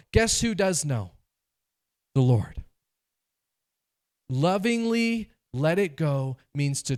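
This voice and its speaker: A man delivers a sermon from the pulpit in an animated, conversational way. His voice sits a touch higher than most men's, and he acts out quoted voices as he goes. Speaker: pastor.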